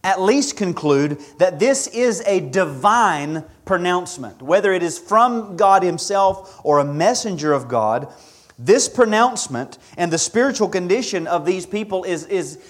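A man preaching an expository sermon, measured and emphatic, repeating key words for stress. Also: high voice.

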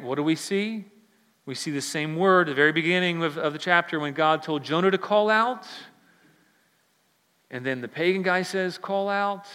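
A male pastor preaching with a bright, forceful, fairly high voice. He surges loud and quick on key points, then sinks low and quiet. The sound rings with a long reverb, as in a large hall. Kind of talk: sermon.

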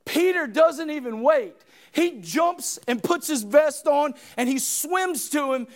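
A man preaching a sermon in church, swinging between loud shouted passages and quiet, hushed retellings of scripture scenes. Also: very high-pitched, animated, slow.

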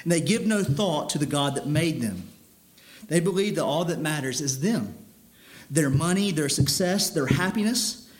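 Stern preaching man, high-pitched voice. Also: animated, moderate pace. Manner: earnest, stern, repeats words while building a point. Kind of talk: sermon.

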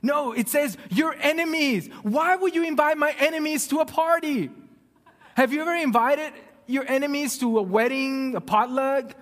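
A man preaching a sermon, telling stories with swings from loud excitement to hushed near-whispers. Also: very high voice, moderate pace. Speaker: pastor. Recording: long reverb of a hall.

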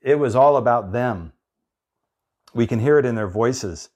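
Slow-talking guy preaching, chatty and easygoing, mid-pitched voice. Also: darkish tone. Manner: unhurried, conversational preaching with playful voiced asides. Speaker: pastor. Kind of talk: sermon.

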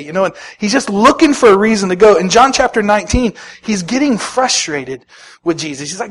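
A man preaching a sermon as a pastor, animated, acting out the people he quotes, with sudden swings between loud and soft. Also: high-pitched, fairly quick.

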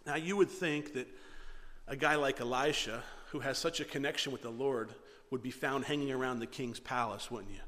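A man preaching a sermon, telling a story with animated energy and many rhetorical questions. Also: medium pitch, moderate pace, in a large hall. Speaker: pastor.

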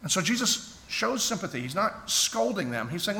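Bright-voiced man preaching in an echoey hall. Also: high-pitched, big pitch swings, normal speed, creaky. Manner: earnest, conversational preaching with restarts. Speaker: pastor. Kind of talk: sermon. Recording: echoey hall, faint background noise.

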